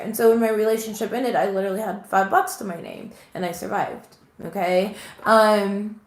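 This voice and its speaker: A woman in her thirties giving an earnest, emotional tarot reading to viewers. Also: mid-range voice. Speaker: tarot reader. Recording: echoey room with faint noise.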